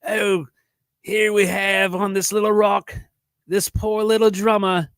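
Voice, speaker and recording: A man imitating an excitable male wildlife host, cooing tenderly over a tiny creature, with no real accent. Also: unhurried, clear, resonant tone, no echo, clean studio sound. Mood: gushing. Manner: raised pitch, gushing and tender.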